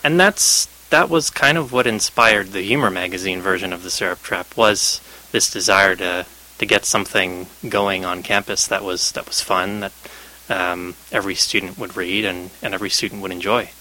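A man's voice: low-pitched, moderate pace, bright, forceful tone, rough recording. A young man being interviewed on the radio, explaining his ideas thoughtfully with occasional fillers. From Canada. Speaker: guest, magazine editor.

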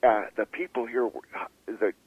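A man, an author being interviewed, talking in a halting way with many fillers and restarts. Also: mid-range voice, fairly even intonation, husky, no echo, narrow, tinny audio. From Canada. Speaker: author guest. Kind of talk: interview conversation.

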